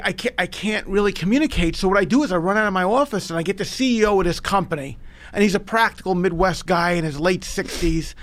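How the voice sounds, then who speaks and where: A gravelly-voiced man with a New York accent, slightly higher pitched than most. He tells his story with raw intensity, stammering and repeating himself when emotion rises. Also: fairly bright tone. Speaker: guest.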